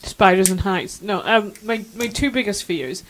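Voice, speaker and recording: Female co-host, hesitant with restarts, quick to laugh. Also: mid-range voice, lively intonation, a bit bright, a little hiss or hum, low-quality recording. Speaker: podcast co-host. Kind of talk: casual chat.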